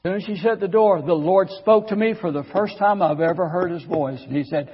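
A guest preacher with a high, husky male voice gives a sermon in church, telling his personal testimony in a folksy, conversational way and often stammering and restarting his first words. He talks fairly quickly with few pauses, and the dull, lo-fi audio carries a long reverb tail.

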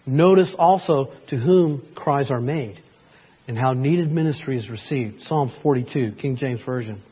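A man's voice: medium pitch, unhurried, husky, lo-fi sound. A man preaching a sermon in church, reading scripture aloud and rising to emphatic peaks, often asking the congregation for agreement. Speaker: pastor.

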